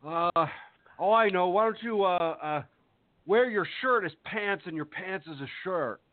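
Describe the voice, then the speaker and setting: Brief: high-voiced male deejay, bossy and offhand, thin phone-like audio. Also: expressive, unhurried, dry recording. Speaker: radio deejay playing a film director. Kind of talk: comedy sketch. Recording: dry phone-like sound.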